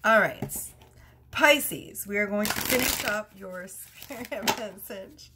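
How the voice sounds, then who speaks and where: A woman's voice: mid-range voice, measured pace, heavy background noise. A woman doing a casual tarot reading, chatty and prone to fits of laughter. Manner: giggly, chatty, laughs through her words. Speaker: tarot reader.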